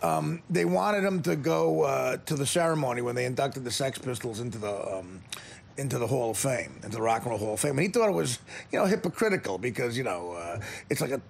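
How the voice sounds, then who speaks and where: A man's voice: medium pitch, lively intonation, fairly quick, vocal fry, a little hiss or hum. A man hosting a casual interview in a studio, rambling and joking with many fillers. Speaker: talk show host. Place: radio studio.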